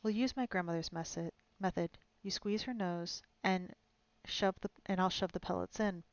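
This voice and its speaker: A woman reading aloud and voicing a gruff, boastful male dwarf elder in a blunt, matter-of-fact way. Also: fairly low pitch, normal speed, no echo, muffled recording, close to an everyday voice.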